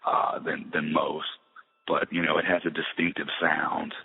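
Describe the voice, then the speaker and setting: A middle-aged musician talking in a casual interview, rambling with many restarts and fillers. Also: male voice, very deep voice, little pitch movement, measured pace, gravelly, slightly rough. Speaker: musician guest. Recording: tinny phone-like roomy sound.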